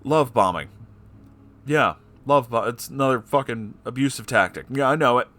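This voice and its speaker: A man's voice: mid-range voice, expressive, normal speed, a bit bright. A man reading a story aloud and often breaking off to swear and react angrily. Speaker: story reader.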